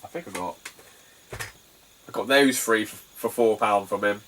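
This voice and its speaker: A man's voice: on the low side, measured pace, fairly bright tone, recorded from a distance, a little hiss or hum. A young British man chatting casually about his game finds, rambling and laughing often. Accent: British English. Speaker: retro game collector vlogger. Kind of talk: casual chat.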